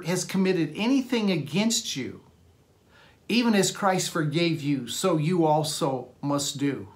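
A man preaching a Sunday sermon, reading scripture aloud and explaining it with earnest emphasis. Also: a little high. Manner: earnest preaching, reads scripture aloud, repeats words when restarting. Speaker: pastor.

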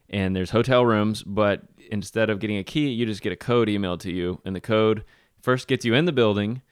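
A man co-hosting a podcast, telling an animated story in casual chat and laughing often. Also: lowish voice, clean tone, no room sound, clean studio sound. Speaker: podcast co-host.

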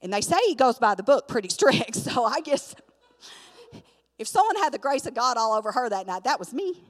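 An older woman, telling a chatty, animated story in a Bible study lesson, acting out the voices in her tale. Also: fairly high pitch, a little fast, in a large hall.

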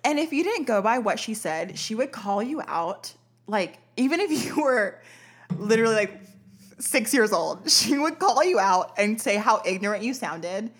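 A woman's voice: on the high side, big pitch swings, normal speed, slightly rough. A woman from Arkansas, a podcast host, chatting casually in a plain accentless voice, swearing freely and laughing often. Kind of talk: casual chat.

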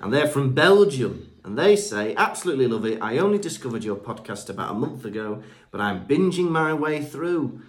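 A chatty British man co-hosting a podcast, reading out listener messages with a very lively, up-and-down voice. He jokes along as he reads and trips over unfamiliar names. His pitch sits in the middle of the male range. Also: fairly quick. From Britain. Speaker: podcast co-host. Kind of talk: casual chat, reading listener reviews.

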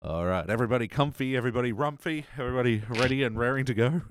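A man's voice: mid-range voice, very fast, background noise. A man hosting a casual comedy podcast, playful and jokey, slipping into sing-song bits. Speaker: podcast host.

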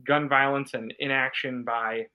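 A man's voice: mid-range voice, fairly even intonation, unhurried, clean tone, narrow, tinny audio. A man co-hosting a sports podcast, talking in a casual, blunt, opinionated way. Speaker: podcast co-host. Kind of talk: casual chat.

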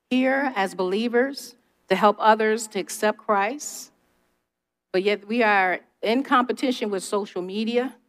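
A middle-aged woman preaching a conversational sermon, emphatic and testifying, talking straight to her listeners. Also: mid-range voice. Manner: emphatic, testifying, speaks to the audience directly.

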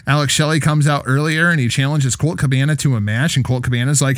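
A man hosting a wrestling podcast, telling a profane, animated story in casual chat. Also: mid-range voice, quick pace, dry recording, clean studio sound. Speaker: podcast host.

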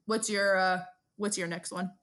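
A woman's voice: medium pitch, normal speed. Casual New York woman podcast co-host. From Brooklyn, New York. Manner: profane, storytelling, animated. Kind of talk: casual chat.

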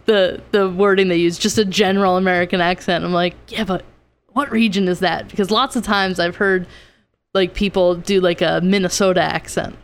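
This is a woman co-hosting a podcast in an easygoing, chatty way, jumping in with quick reactions. Her voice sits slightly low, and a faint hum of noise runs under it. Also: fairly even intonation. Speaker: podcast co-host. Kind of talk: casual chat.

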